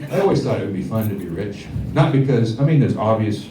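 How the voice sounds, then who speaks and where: Rambling stand-up comic in an echoey club. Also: male voice, fairly low pitch, lively intonation, quick pace, mellow, slight background noise. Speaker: stand-up comedian. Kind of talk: stand-up set. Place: comedy club stage. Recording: echoey club, heard from far off.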